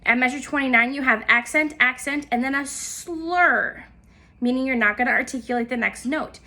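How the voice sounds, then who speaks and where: A woman's voice: sits high, normal speed, sharp tone. A woman teaching a music lesson step by step, patiently counting and naming the notes aloud.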